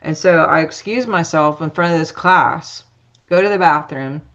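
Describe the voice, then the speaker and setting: A woman's voice: deep voice, normal speed, a bit bright, muffled recording. A woman telling a personal story as a podcast guest, chatty, acting out dialogue with lots of fillers.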